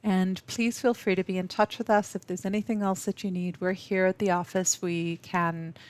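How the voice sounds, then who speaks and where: A woman from South Africa hosting a live webinar from an office, speaking warmly and effusively with frequent ums and restarts. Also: on the low side, level tone, normal speed. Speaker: webinar host. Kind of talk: live webinar talk to viewers.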